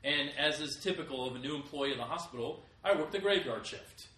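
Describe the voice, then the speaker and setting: A man's voice: a little high, a little fast, pushed and bright. A middle-aged man preaching a sermon as pastor, with emphatic rises in volume. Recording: echoey room, voice from a distance.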